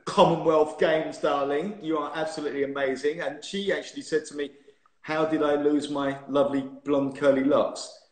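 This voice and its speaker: A man's voice: on the high side, level tone, normal speed. Guy in his 50s on a live stream, laughing storyteller, teases a lot, echoey room on a phone mic. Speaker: guest, former racing driver. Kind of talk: casual chat on a live stream. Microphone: phone or laptop mic on a video stream.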